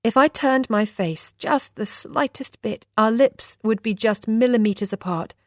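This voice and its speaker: A woman narrating a novel in the first person with lively, expressive storytelling. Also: a little high, measured pace, no room sound, clean studio sound. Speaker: audiobook narrator.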